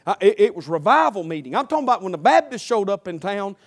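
High-voiced preacher man. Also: very animated, quick pace. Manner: emphatic, repetitive, humorous preaching. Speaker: pastor. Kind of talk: sermon.

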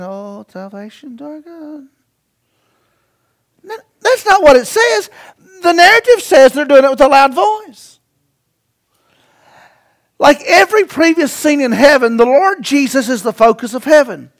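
Male pastor with a very high voice, dynamic sermon delivery that swings from loud to hushed and quizzes the congregation. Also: expressive, normal speed. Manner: rhetorical questions to the congregation.

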